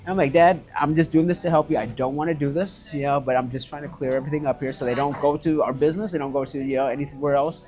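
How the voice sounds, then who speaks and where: A man recounts a story in relaxed conversation. His voice sits a little high for a man. He talks animatedly, swears freely and acts out the lines of people in the story. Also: quick pace, few pauses, soft background music. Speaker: guest, restaurant owner. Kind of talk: casual storytelling chat.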